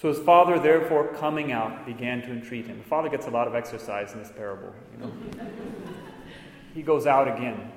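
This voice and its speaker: A priest preaching a sermon, earnest with wry asides, in a church. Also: male voice, medium pitch, brisk. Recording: echoey hall with long reverb.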